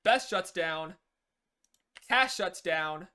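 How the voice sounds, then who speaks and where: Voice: medium pitch, lively intonation, drawn-out words, pushed and bright. A coach talking through team play in a loose, unscripted way. Sentences often restart, and "you know" fills the gaps. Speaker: game coach. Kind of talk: casual spoken lesson.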